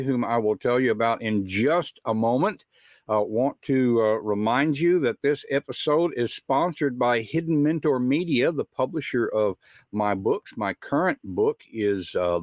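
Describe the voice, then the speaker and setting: A man's voice: medium pitch, dry recording. A man with a Southern US accent hosting a live talk show, chatty and folksy, with frequent filler words. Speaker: host.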